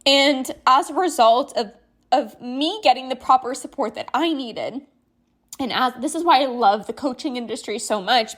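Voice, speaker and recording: A young woman hosting her own podcast as a coach, speaking earnestly and getting tearful, with lots of "like" and "you know". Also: high voice. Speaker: podcast host and binge eating coach. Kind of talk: emotional personal podcast monologue. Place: outdoors on a walk.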